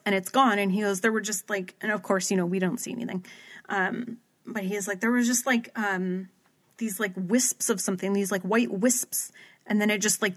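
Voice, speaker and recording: A woman's voice: medium pitch, a bit bright. A woman talking casually with a friend, winding through a long story. She fills it with "like" and restarts, and she acts out quotes in her own voice. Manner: rambling storyteller, heavy use of "like", acts out quotes. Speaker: podcast co-host recapping a paranormal TV episode. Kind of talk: casual chat.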